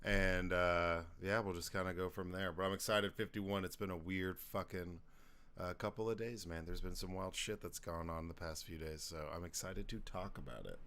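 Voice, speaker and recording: A man's voice: low voice, moderate pace, fairly bright tone. A young man co-hosting a casual podcast, rambling and swearing, pressing to finish his point. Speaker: podcast co-host.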